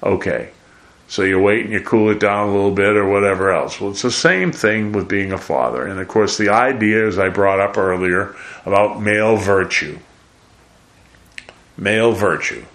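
An older man preaches in a fairly low voice. He talks in a loose, conversational way, often breaking into the voices of people he is quoting. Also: a little fast, a bit bright. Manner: conversational, rambling, acts out quoted voices. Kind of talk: sermon.

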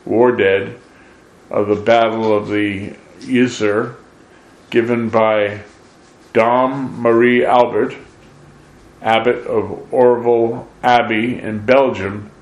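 A man's voice: on the low side, little pitch movement, takes it slowly, reverberant. A man leading a sermon, singing scripture lines and then talking to his listeners in a conversational preaching manner. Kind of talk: sung worship then sermon.

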